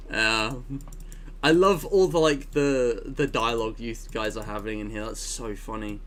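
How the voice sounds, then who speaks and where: A man's voice: fairly low pitch, measured pace, a bit bright, a little hiss or hum. A man hosting a game stream, chatting casually and amused, with frequent laughs and wry asides. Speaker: streamer and channel host.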